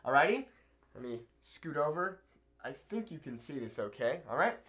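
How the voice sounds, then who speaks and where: Man, online language teacher, animated delivery with a lively, swinging pitch; keeps checking in with the viewer. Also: moderate pace. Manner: upbeat, animated, keeps asking "okay?". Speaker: Spanish teacher. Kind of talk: video language lesson.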